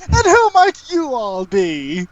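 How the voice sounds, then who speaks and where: Bouncy high-pitched digital wizard creature, put on by the game master; shrill, childish, lo-fi. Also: wildly swooping pitch, slow, exaggerated voice. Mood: bossy cheerful. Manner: shrill, gleeful, renames everyone.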